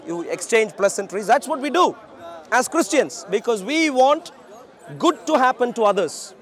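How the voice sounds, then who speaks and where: A man preaching outdoors on a city street, loud and projecting as he argues with passersby. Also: very high-pitched, animated, normal speed, some chatter behind. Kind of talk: open-air street preaching and debate.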